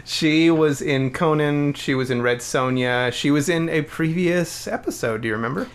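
A man's voice: a little high, moderate pace. A man co-hosting a podcast, chatting eagerly about films and laughing often. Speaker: podcast co-host. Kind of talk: casual chat about films.

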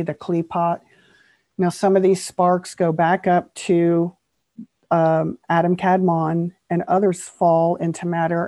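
A woman's voice: lowish voice, dry recording. A woman author on a podcast as a guest, earnestly explaining old teachings term by term. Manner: earnest, steady explainer who spells out terms.

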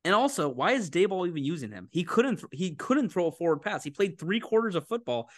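A man co-hosting a casual sports betting podcast, animated and incredulous, quick to laugh. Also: high-pitched, no echo, studio quality. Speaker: podcast co-host making picks.

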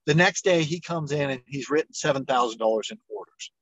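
A middle-aged man, an entrepreneur guest on an interview show, telling his story with lively acted-out dialogue. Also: mid-range voice, brisk, dry recording, dull audio. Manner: animated storyteller, acts out quoted dialogue.

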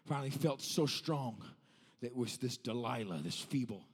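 A male evangelist in his thirties, preaching a revival sermon that moves from telling a story to shouting. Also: medium pitch, lively intonation, moderate pace, slightly rough, long reverb tail.

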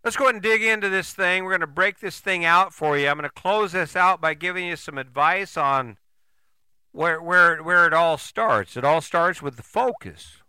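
A man's voice: high voice, moderate pace, bright, forceful tone, clear, resonant tone, dry recording. An older man, a podcast host, giving a blunt motivational monologue full of swearing and rhetorical questions.

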